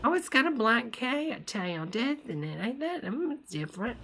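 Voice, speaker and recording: A woman's voice: a little high, big pitch swings, unhurried, fairly bright tone, a little hiss or hum. A woman hosting a live reaction stream, chatting folksily with viewers and calling them honey. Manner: folksy, calls everyone honey, gushing asides. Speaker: host reacting to videos.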